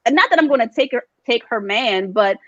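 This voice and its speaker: Reality-show contestant, woman, lively storyteller who slips into quoted voices; close dry mic with a dull lo-fi tone. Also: a little high, fairly quick, no room sound. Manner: animated storyteller, acts out quotes of others. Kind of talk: casual interview chat.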